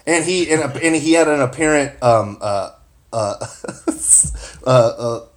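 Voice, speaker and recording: A man's voice: mid-range voice, expressive, takes it slowly. A man in casual joking chat, laughing often and stumbling over his own punchlines, recorded on a cell phone. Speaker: participant taking turns singing verses.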